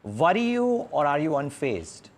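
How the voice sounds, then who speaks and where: A man anchoring a live business news show, asking a guest questions quickly with many hesitations. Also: fairly high pitch, very animated.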